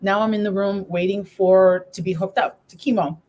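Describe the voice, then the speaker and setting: A woman's voice: mid-range voice, fairly even intonation, moderate pace, darkish tone. A middle-aged woman, a guest on a live talk show, telling her personal story while trying to hold back tears.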